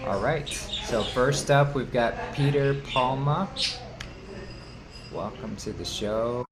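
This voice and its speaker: Low-key male co-host, crowd noise behind. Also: slow. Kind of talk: brief hosting remarks.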